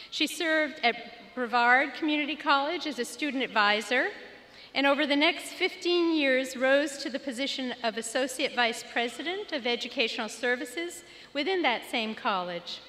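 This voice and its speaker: A woman reads prepared introductions at a graduation ceremony in a formal manner. Her voice is high and bright. It carries the long reverb of a large hall. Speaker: ceremony presenter.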